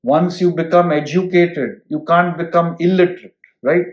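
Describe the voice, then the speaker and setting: A spiritual teacher lectures on an ancient scripture at an unhurried pace, pausing to ask listeners "hmm?" and drawing on homely, everyday examples. His voice sits a little high for a man, and the room adds a noticeable echo.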